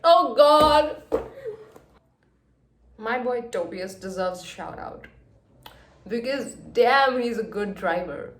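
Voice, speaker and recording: A young woman reacting emotionally to a book in a casual reading vlog, going from hushed gushing to loud exasperation. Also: fairly high pitch, animated, takes it slowly, pauses often, a little hiss or hum. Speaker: book vlogger. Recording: echoey room.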